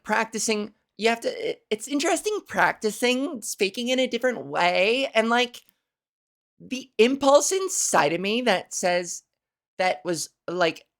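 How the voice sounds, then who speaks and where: A woman hosting a casual solo podcast, rambling and self-mocking, laughing at her own jokes while working on a softer voice. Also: a little high. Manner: practicing a softer voice with resonance and inflection. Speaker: podcast host. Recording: fan blowing near the microphone.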